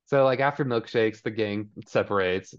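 A man's voice: lowish voice, normal speed, smooth. A man co-hosting a podcast, recapping a TV episode in casual chat, full of fillers. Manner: chatty, filler-heavy, throws in voices for characters. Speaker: podcast co-host. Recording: dull lo-fi audio.

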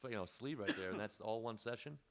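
A man hosting a podcast tells a long story in a fast, lowish voice. It's casual storytelling chat, laid-back and rambling, with lots of fillers.

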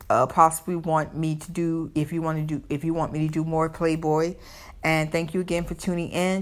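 Middle-aged Southern woman, solo podcast host, lowish voice, rambling and casual. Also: a bit bright. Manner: rambling, repeats and restarts words.

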